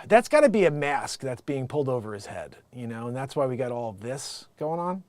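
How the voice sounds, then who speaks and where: A man's voice: mid-range voice, very animated, brisk, darkish tone, no echo. A man hosting a comedic news show, rambling and joking through headlines and laughing at his own bits. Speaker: talk show host.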